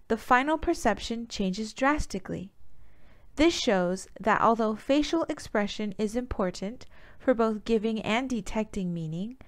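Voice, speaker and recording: A young woman giving a student presentation, reading formal points and citations in a steady way. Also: medium pitch. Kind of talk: reading a prepared class presentation.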